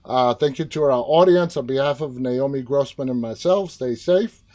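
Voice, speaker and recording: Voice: mid-range voice, normal speed, dark tone. A host running an interview, giving brief upbeat affirmations and wrapping up the show. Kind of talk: interview hosting.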